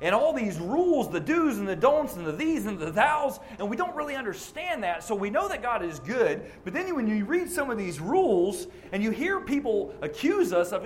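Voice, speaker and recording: A man's voice: sits high, big pitch swings, normal speed, hardly any pauses, slight background noise. A man and racing ministry chaplain giving an informal sermon at a racetrack, telling a personal story in a conversational, plainspoken way.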